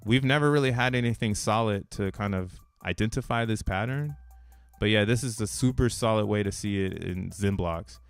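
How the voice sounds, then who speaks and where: A man's voice: on the low side, moderate pace, clear, resonant tone, no room sound, soft background music. A man hosting a crypto channel who talks casually over a chart, slangy and rambling and laughing between points. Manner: rambling, restarts thoughts mid-sentence.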